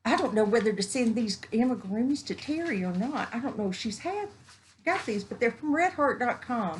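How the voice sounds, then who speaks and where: Woman, chatty vlogger, gushing, somewhat high-pitched, faint hiss behind. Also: animated, moderate pace. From Texas. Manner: chatty, gushing, exclaiming over each find. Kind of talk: casual unboxing chat. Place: home indoors, evening.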